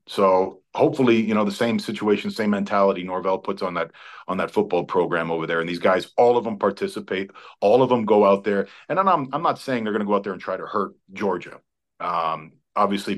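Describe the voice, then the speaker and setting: A man's voice: deep voice, fairly bright tone. A man in his forties, a former college football player, telling rambling, profane stories with frequent restarts in casual sports talk. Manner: rambling storyteller, stumbles and restarts, swears freely.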